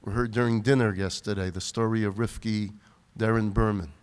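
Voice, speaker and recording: A man's voice: on the low side, fairly quick, clear, resonant tone. A man, a rabbi, giving a sermon-style talk at a retreat, telling stories with emphasis on a stage microphone. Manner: animated storyteller, emphatic. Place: large event hall, live audience. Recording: reverberant hall.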